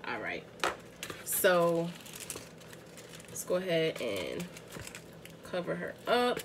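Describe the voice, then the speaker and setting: A woman's voice: lowish voice, wildly swooping pitch, extremely slow, pauses often, a little hiss or hum. A young woman from the Bronx, chatting casually to viewers as she cooks dinner in her home kitchen, laughing often. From the Bronx, New York. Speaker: family vlogger cooking dinner. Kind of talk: casual cooking vlog chat.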